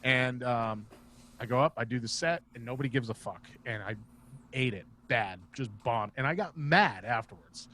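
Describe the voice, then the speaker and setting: Bright-voiced, profane storytelling man. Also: mid-range voice, moderate pace, slight background noise. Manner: profane, animated anecdote teller. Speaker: guest, stand-up comedian. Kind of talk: casual storytelling chat. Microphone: video call.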